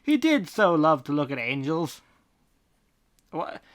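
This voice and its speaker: Podcast host, comic fanfic reading, deadpan, snarky asides, mid pitch. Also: slow pace.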